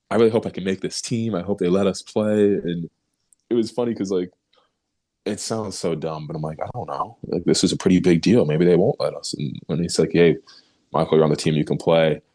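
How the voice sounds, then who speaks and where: A young man with a very low, deep voice tells stories as an interview guest. He acts out what others said and laughs easily, keeping things casual and animated. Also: fairly quick. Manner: animated storyteller who acts out quoted remarks, laughs easily.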